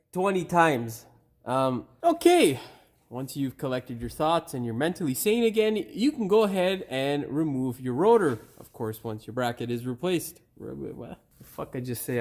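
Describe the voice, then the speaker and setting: A man's voice: fairly high pitch, darkish tone. A man hosting a car repair channel, stumbling over his lines, getting frustrated and cursing in the outtakes of his video. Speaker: auto mechanic channel host.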